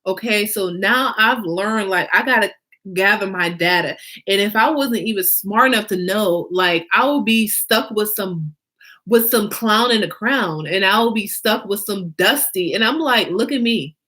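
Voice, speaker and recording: A fashion designer hosts her own vlog, speaking casually and emphatically in a mid-range voice at an unhurried pace. She is animated, repeats phrases for emphasis and uses many rhetorical questions and fillers.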